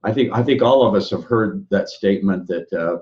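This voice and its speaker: A man talking casually in a halting way, with many fillers and repeated words. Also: fairly low pitch, darkish tone. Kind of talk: casual conversation. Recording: dull lo-fi sound.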